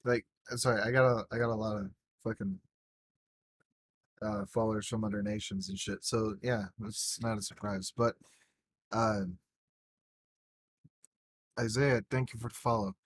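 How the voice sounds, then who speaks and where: A man's voice: fairly low pitch, fairly even intonation, normal speed, pauses often, no echo. A young man co-hosting a podcast, drunk and rambling, swearing through every story. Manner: rambling, heavy swearing, tipsy. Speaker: podcast co-host. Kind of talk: casual chat.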